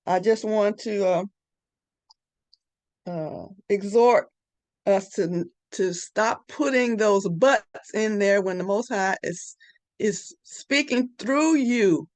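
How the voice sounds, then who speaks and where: A woman giving a hesitant, halting exhortation to a faith group, with many fillers. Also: mid-range voice, no room sound. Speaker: group member.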